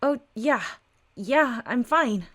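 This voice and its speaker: A woman's voice: a little high, animated, slow pace, fairly bright tone, voice pushed up, full character voice. A woman reading a webtoon aloud, voicing a shaken young intern who stammers. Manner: hesitant, stammering.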